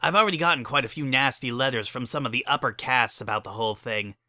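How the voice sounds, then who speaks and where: Man putting on earnest young mare musician, slightly higher voice, bright clear tone, dry sound. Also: fast talker, no room sound.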